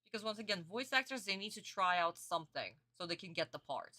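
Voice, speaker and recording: Expressive and fast, this young woman's medium-pitched voice has a sharp tone. She streams her reaction to a cartoon episode, chatting casually, replying to comments, and calling viewers sweeties and honey.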